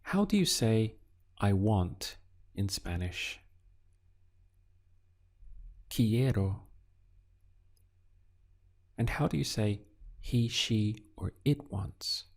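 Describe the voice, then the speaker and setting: A man teaching a recorded language lesson, asking slow, deliberate questions and pausing for the learner to answer. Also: lowish voice, lively intonation, darkish tone. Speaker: Spanish teacher.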